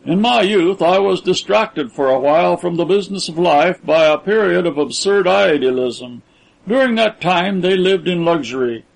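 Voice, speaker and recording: A man's voice: sits high, animated, moderate pace, vocal fry, heavily acted, poor audio. A man voicing a haughty, cold rich older man who speaks in a clipped, lordly way.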